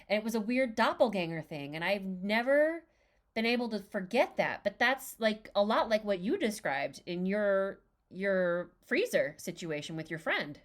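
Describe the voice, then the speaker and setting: A woman co-host chatting casually on a podcast, her voice sitting at a middle pitch. She tells her story with energy and acts out every line of dialogue along the way. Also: normal speed. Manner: animated, acts out quoted dialogue.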